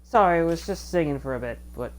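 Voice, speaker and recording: A woman giving casual game commentary as a video host, chatty and excitable, with rambling asides. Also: low-pitched, quick pace, a little hiss or hum.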